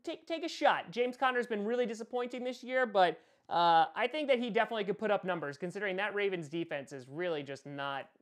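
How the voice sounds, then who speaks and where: A man's voice: high-pitched, quick pace, hardly any pauses. Joking young man hosting a sports vlog. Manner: joking, sarcastic asides. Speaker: host. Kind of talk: fantasy football commentary vlog.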